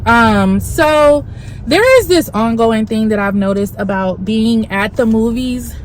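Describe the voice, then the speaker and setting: A woman's voice: fairly high pitch, animated, slow, slight background noise, poor audio. A woman in her thirties telling a story to her viewers in a casual vlog, talking animatedly from inside a car. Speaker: vlogger.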